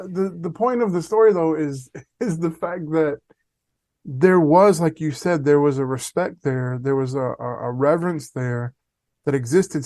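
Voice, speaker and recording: A man who is a pastor, chatting casually on a podcast and telling stories with lively acted-out voices. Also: fairly high pitch, dry recording, studio quality. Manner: animated storyteller, acts out voices. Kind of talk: casual chat.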